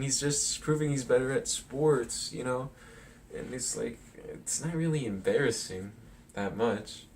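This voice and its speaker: A man chatting casually through a movie analysis, rambling with lots of fillers and chuckles. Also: medium pitch. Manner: rambling, filler-heavy, chuckles while talking. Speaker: film commentary vlogger. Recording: distant mic with faint noise.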